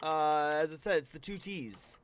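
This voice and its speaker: A man's voice: fairly high pitch, unhurried, a little hiss or hum. A man streaming a video game, chatting casually and rambling with many restarts and fillers. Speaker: streamer co-host. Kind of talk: casual chat while gaming.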